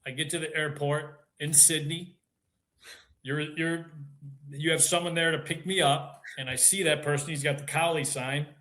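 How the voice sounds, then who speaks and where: A man in his fifties with a bright, forceful voice sitting a little high. He hosts with a playful, teasing streak, tossing out jokey questions and ribbing his guest. The talk is loose and conversational. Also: fairly even intonation, moderate pace. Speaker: podcast host. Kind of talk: casual interview chat.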